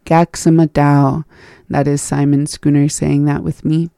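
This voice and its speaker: Language lesson host, gravelly, slow, repeats phrases piece by piece, dry close sound. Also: mid-range voice, monotone, dark tone, no room sound. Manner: repeats phrases slowly and breaks them into parts, then gives the meaning. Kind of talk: teaching phrases by slow repetition.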